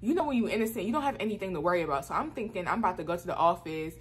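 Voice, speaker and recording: A woman telling a story in a casual vlog, animated, full of "like" fillers, her voice jumping up into high squeals as she exclaims. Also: rapid-fire, a little hiss or hum. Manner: frequent "like" fillers.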